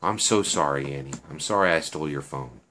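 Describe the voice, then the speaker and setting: A man's voice: a bass voice, a little fast, bright, forceful tone, slight background noise, voice pushed down. A man voicing Natalia, an upset but apologetic teenage girl, in a told story.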